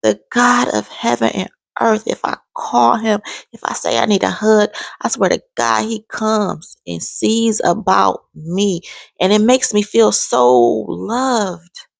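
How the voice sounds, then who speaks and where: Gravelly-voiced woman giving earnest testimony. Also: medium pitch, steady tone, slow, dry recording. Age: 40s. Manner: emphatic, heartfelt, pleading. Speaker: vlogger. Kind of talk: personal faith testimony vlog.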